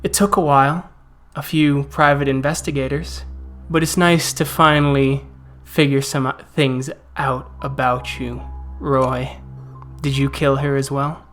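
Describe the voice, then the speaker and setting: A man voicing an ancient male vampire who speaks slowly and coldly, with a low, hushed delivery that slips into whispers. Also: flat delivery, soft background music, close to an everyday voice. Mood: menacing. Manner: slow, measured, threatening. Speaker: vampire villain.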